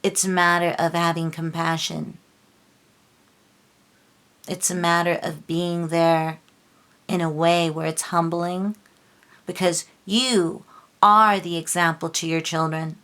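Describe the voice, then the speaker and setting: Woman, tarot reader, lowish voice, impassioned and scolding monologue. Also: level tone, slow, pauses often, fairly bright tone. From Los Angeles. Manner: impassioned, scolding, lots of filler and restarts.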